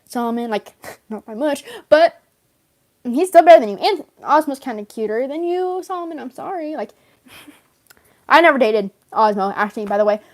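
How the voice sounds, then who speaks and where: Woman, high-ish voice, rambling in-character storyteller, loads of "like", quick to laugh. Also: lively intonation. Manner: rambling, fills talk with "like", laughs often. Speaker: fan role-player in character.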